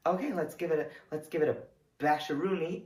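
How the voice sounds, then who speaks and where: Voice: mid-range voice, brisk, darkish tone, lightly acted. A performer in a comedy sketch playing a nervous auditioner who attempts a bungled fake Cockney accent and keeps apologizing. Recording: roomy echo with faint noise.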